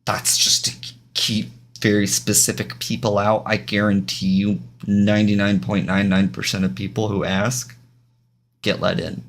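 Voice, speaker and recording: Gravelly low-voiced man chatting on stream. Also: level tone, normal speed, fairly bright tone. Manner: rambling, restarts sentences, chats to viewers. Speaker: game streamer. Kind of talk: casual live-stream chat while gaming.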